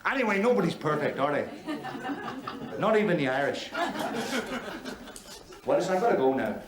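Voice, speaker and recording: Brash Belfast comedian, bawdy patter, bouncy high voice, echoey hall, audience laughter. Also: male voice, sing-song, moderate pace, over a noisy crowd. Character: brash crude male Belfast club comic. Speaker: stand-up comedian. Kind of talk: stand-up comedy performance in a TV drama.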